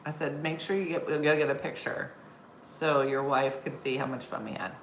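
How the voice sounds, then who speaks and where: A chatty woman comedian hosts a casual live stream, spinning stories and answering viewers' comments. Her voice sits a little low, and the room around her rings with a faint hum of background noise. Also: steady tone, a little fast, roomy sound. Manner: chatty storyteller reading viewer comments aloud. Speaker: comedian hosting a live show.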